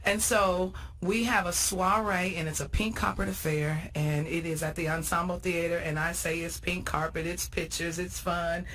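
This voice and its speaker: A woman's voice: on the low side, steady tone, moderate pace, few pauses, fairly bright tone, rough recording. A woman from the area, a guest on a talk show, talking enthusiastically about an event she organizes. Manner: enthusiastic, promotional, laughs easily. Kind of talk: casual interview chat.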